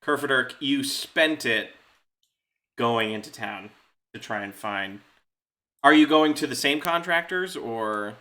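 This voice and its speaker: Bright-voiced man running a tabletop game. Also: medium pitch, lively intonation, slow, pauses often. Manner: chatty, laughs often, loose fillers. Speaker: game master.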